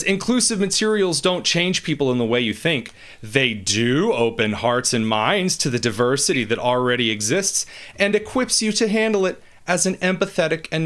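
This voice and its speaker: A man's voice: medium pitch, a bit bright. A man hosting a radio talk show, reading posts aloud and reacting with dry sarcasm in a casual tone. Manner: wry and sarcastic, reads listener tweets aloud. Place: radio studio.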